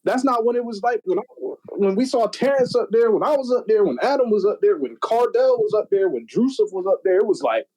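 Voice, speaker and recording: A young man in casual podcast chat, telling stories in an animated, slangy, profane way. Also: high voice, fairly quick, rough recording. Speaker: podcast guest.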